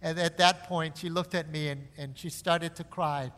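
Man, preacher, sermon testimony, bright tense voice, long hall reverb. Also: on the high side, fairly even intonation, normal speed. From Cambodia. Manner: earnest storytelling that swells into impassioned pleading. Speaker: missionary preacher.

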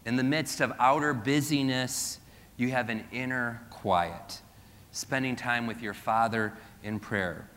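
A man's voice: fairly low pitch, pushed and bright. A middle-aged man, a pastor, preaching a sermon with self-deprecating humor and rhetorical questions to the congregation. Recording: long hall reverb.

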